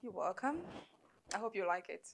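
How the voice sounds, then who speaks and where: A woman's voice: medium pitch, normal speed, vocal fry, noisy background, close to an everyday voice. A woman playing an eager young woman, bubbly and laughing easily in a comedy skit. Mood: cheerful. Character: cheerful young woman cook, sweet and eager.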